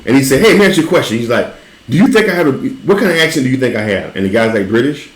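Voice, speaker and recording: A man with a Southern accent hosting a casual chat, telling an animated, profane story and laughing often. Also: mid-range voice, very fast. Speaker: podcast host. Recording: roomy echo.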